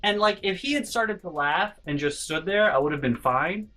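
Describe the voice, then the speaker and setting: A man vlogging a personal story in an animated way, swinging between hushed and loud and swearing freely. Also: high voice, normal speed, poor audio. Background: faint background music.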